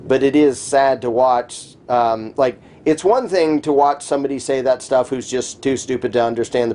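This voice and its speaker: A man's voice: mid-range voice, mellow, a little hiss or hum. A man speaking as a guest in a conversational interview, talking emphatically and scornfully, sometimes mimicking the people he criticizes. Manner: emphatic, scornful, mocks opponents' voices.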